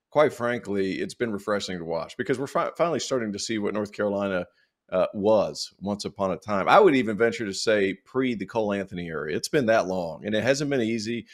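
A man with a Southern American accent co-hosting a sports talk show, joking and rambling through his points. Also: fairly low pitch. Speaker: podcast co-host. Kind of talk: casual sports banter.

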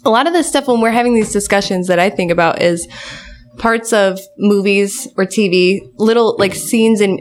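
A woman's voice: medium pitch, moderate pace. A woman in casual conversation, telling rambling stories, laughing often. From grew up on a farm. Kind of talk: casual chat.

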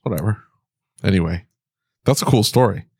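A male co-host chatting casually, teasing and retelling stories with quick quoted bits. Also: on the low side, a little mellow, slightly rough, dry recording, studio quality. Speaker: podcast co-host. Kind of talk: casual chat.

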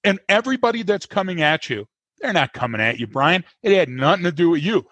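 Man on a podcast, lecturing and emphatic, rhetorical questions, fairly high voice, a little husky. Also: big pitch swings, fairly quick, fairly bright tone, dry recording. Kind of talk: conversational explaining.

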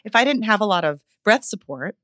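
A woman vocal coach giving expressive feedback on voices in a podcast conversation. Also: medium pitch, a little fast, dry recording, clean studio sound. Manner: expressive, demonstrates vocal points.

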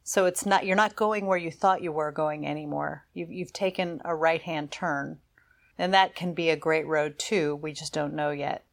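Woman, co-host, casual chat, somewhat low pitch, reflective, candid, laughs easily. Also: steady tone, normal speed, gravelly. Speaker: podcast co-host.

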